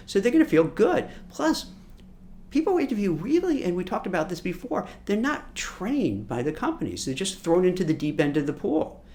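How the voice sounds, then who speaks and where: A man from Brooklyn, a recruiter, giving a lively coaching lesson on job interviews, often repeating words and acting out what people say. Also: sits high, moderate pace. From Brooklyn, New York. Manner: animated, repeats words, acts out quotes. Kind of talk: coaching masterclass talk.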